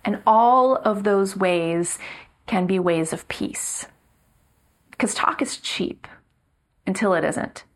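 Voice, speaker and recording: Gravelly-voiced woman preaching. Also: mid-range voice, fairly bright tone. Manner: measured, earnest preaching with slow, emphatic repetitions. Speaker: pastor. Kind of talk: sermon.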